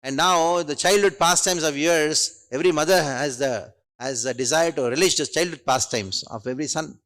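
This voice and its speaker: A doting old queen mother, indignant and pleading, as a man puts her on. The voice sits a touch high and stays close to his own speaking voice. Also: moderate pace, fairly bright tone, close to an everyday voice.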